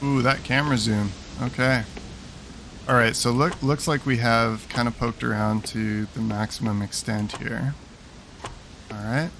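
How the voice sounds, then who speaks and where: A man narrating his own gameplay in a loose, rambling way, with sarcasm and frequent swearing. His pitch is average for a man. Game sounds and noise are clearly audible behind him. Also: steady tone, a little slow, a bit bright. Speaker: let's play host. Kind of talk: casual gameplay commentary. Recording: commentary with background game noise.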